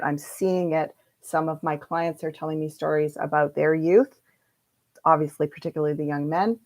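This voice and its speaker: A woman hosting a livestream tarot reading, chatty and animated, laughing often and quoting people in playful voices. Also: low-pitched. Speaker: tarot reader.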